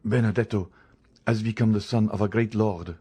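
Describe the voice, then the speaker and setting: Guy doing a scared shifty convict, pleading and evasive, husky voice. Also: lowish voice, steady tone, normal speed, mellow. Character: frightened sly escaped convict, man. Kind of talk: audiobook character reading.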